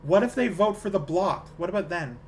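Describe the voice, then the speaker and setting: A man's voice: sits high, lively intonation, a little fast, slight background noise. A man streaming a game, chatting casually in a rambling way and laughing at his own jokes.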